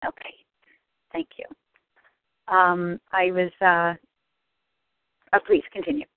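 A woman's voice: lowish voice, animated, slow pace, clean tone, no echo. Earnest woman on a thin phone line. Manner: earnest, some hesitant restarts. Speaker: call participant. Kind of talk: affirmations and joke on a group call. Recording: dry tinny phone line.

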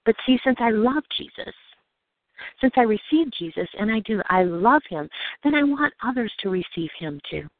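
A woman giving an earnest, measured evening sermon, telling personal stories and slowing down to read scripture. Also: a little high, lively intonation, dry recording. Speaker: preacher. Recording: dry, phone-like narrow sound.

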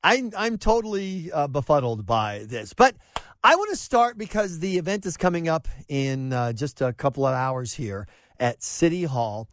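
Man, talk radio host, high voice, swooping pitch, excitable, stammering. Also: normal speed, no echo. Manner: excitable, exasperated, stammering restarts.

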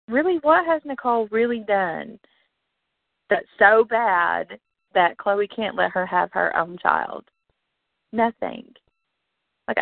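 A woman co-hosts a casual radio chat show, talking animatedly and laughing as she acts out her reactions. Her mid-range voice is gravelly, with no echo, over a dry, phone-like line.

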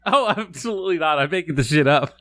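A man's voice: fairly high pitch, lively intonation, quick pace, fairly bright tone. A man playing in a tabletop game, chatting casually and joking with plenty of fillers. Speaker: player.

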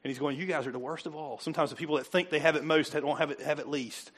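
A man preaching a sermon as pastor, dropping to soft, intimate asides and rising to loud, emphatic peaks, often laughing as he talks. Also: fairly high pitch, steady tone, fast talker. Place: church sanctuary.

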